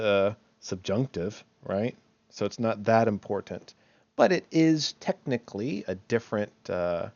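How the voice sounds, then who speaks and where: Lively, chatty male grammar lecturer. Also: mid-range voice, no echo, muffled recording. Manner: chatty, frequent "right?" checks and fillers; self-correcting, thinks aloud. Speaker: university English grammar lecturer. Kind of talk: recorded online lecture.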